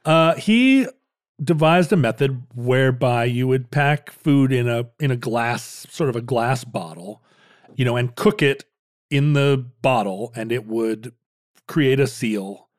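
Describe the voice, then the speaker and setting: A man's voice: medium pitch, expressive, measured pace, no room sound, studio quality. Rambling man chatting dryly. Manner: rambling, many restarts and fillers, playful jokes. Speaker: podcast co-host. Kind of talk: casual conversational history chat.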